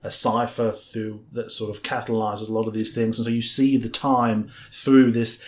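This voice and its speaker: A man's voice: on the low side, little pitch movement, normal speed. A man co-hosting a casual movie review podcast, rambling and joking at his own expense. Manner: rambling, self-deprecating, playful. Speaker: podcast co-host.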